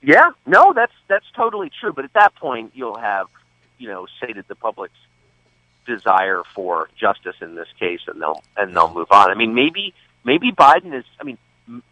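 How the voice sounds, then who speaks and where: A man talks on political radio with a lively, wide-swinging delivery, his pitch leaping as he drives a point home. He is sardonic, with quick asides. His voice comes through a dull, lo-fi line with no room sound. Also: no room sound. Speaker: radio show guest. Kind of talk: political talk radio interview.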